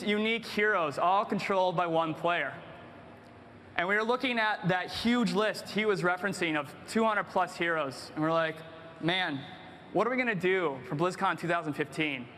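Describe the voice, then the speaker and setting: Casting: high, bright-toned man, excited game designer on a convention stage. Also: slight background noise. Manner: excited, animated storytelling. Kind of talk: convention panel presentation. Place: large convention hall stage.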